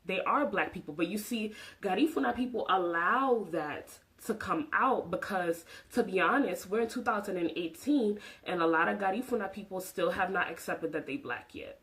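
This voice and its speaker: A woman's voice: medium pitch, lively intonation, moderate pace, hardly any pauses, a bit bright, low-quality recording. A young woman vlogging her opinions, emphatic and preachy, talking with her hands. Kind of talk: passionate opinion vlog.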